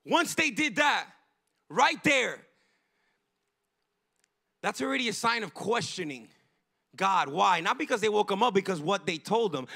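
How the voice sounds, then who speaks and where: Fervent high-voiced male pastor preaching. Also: lively intonation, unhurried, vocal fry, pauses often. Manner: fervent, emphatic preaching with bursts of shouting. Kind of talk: sermon. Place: church.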